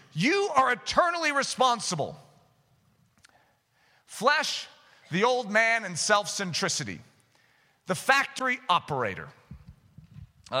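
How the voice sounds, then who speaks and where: High bright-voiced man preaching in a hall. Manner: animated storytelling with bursts of shouting. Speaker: pastor. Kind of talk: sermon.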